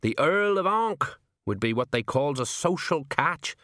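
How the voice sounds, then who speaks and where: A man's voice: on the high side, sing-song, measured pace, pushed and bright, no echo, clean studio sound, pitched above the performer's own voice, full character voice. A man voicing an older watch sergeant, set in his ways, with a folksy, rambling, common way of talking. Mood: musing.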